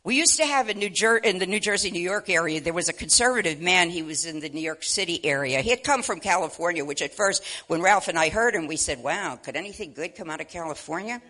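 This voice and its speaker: An older woman preaches in church with a bright, forward voice. She delivers her sermon with passion, rising to loud exclamations and dropping to quiet asides. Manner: impassioned, swings from loud exclamations to low asides.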